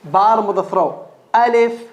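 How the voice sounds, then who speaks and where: High-voiced man teaching Quran letters. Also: normal speed, crowd noise. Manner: repeats letters for students to echo, stressing pronunciation. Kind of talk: classroom recitation lesson. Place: mosque classroom.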